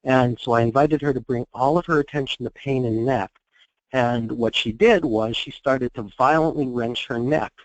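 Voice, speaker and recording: A man presenting a therapy case at a conference, telling it in a measured, explanatory way with frequent fillers. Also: mid-range voice, no echo, poor audio. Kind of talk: conference talk, case storytelling.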